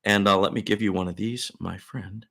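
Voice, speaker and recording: A man hosting a live Q&A stream, giving loud, hyped shout-outs to viewers in the chat and teasing them boastfully. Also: on the low side, steady tone, normal speed, creaky, very noisy. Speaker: livestream host.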